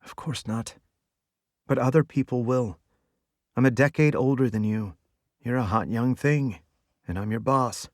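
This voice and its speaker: A man's voice: medium pitch, measured pace, long pauses, darkish tone, no room sound, studio quality, voice pushed up, close to an everyday voice. A man voicing a stern, guarded older woman who works as a film producer in an audiobook, speaking in a clipped way. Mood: firm. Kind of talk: audiobook narration.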